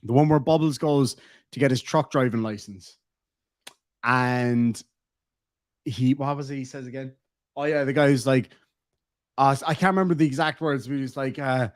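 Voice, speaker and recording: A man's voice: medium pitch, normal speed, long pauses, no room sound, clean studio sound. An Irish man casually chatting to his live-stream audience, laughing often and swearing freely. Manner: profane, laughing, quoting lines.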